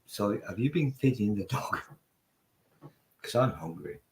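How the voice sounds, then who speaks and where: A man's voice: fairly low pitch, expressive, unhurried, a little mellow, pitched below the performer's own voice. A man voicing a talking Christmas poo as a male war veteran who stammers and rambles through his stories. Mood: dopey. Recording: roomy echo.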